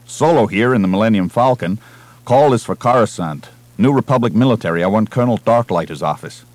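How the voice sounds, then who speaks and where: A man's voice: lowish voice, lively intonation, brisk, darkish tone, dry recording, natural voice. A man voicing a wry, sardonic middle-aged starship captain and father, in a dry drawl, in an audiobook reading. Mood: brisk.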